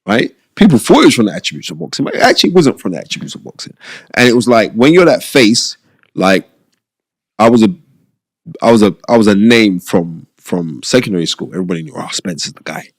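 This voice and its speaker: Middle-aged podcast guest, gravelly and low, animated and rambling. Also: male voice, fairly quick, dry recording, studio quality. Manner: animated, streetwise, rambling, repeats himself. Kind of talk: casual storytelling interview. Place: podcast studio.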